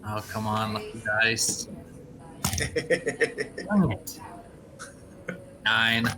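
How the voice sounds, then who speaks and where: Young man, tabletop player, slow blunt delivery, very bright tone, faint noise. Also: fairly low pitch, expressive, poor audio. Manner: blunt, terse. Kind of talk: tabletop play.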